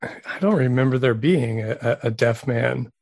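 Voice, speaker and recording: A man's voice: medium pitch, normal speed, vocal fry, darkish tone, no room sound, studio quality. A man from Saskatchewan co-hosting a comedy podcast, playing the wry straight man. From Saskatchewan, Canada. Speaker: podcast co-host. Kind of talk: comedic banter.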